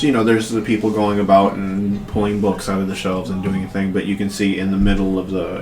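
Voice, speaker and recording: Low-voiced guy running a tabletop game, lots of ums and uhs, echoey room. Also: background noise. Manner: rambling, filler-heavy, casual. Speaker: game master.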